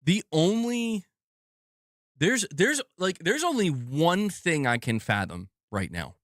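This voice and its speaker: Guy ranting on his gaming stream, cussing, kinda high voice, super dry close mic. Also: very animated, slow pace, fairly bright tone, dry recording. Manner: profane, exasperated ranting. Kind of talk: live stream commentary.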